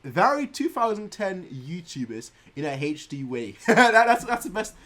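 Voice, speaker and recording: A young man hosting a reaction video in a chatty, animated way, laughing often. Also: sits high, moderate pace. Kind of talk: casual chat.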